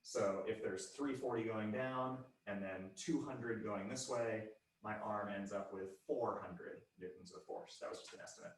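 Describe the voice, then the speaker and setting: A man's voice: on the low side, steady tone, normal speed, few pauses, breathy edge. A man teaching a casual online physics lesson, chatty and demonstrating with his body as he explains. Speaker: high school physics teacher.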